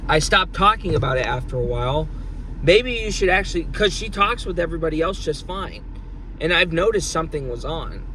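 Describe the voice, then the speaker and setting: A man's voice: a little high, a bit bright, slight background noise. A man vlogging, ranting in a rambling, profane and aggrieved way about being ignored at work. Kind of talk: casual venting monologue.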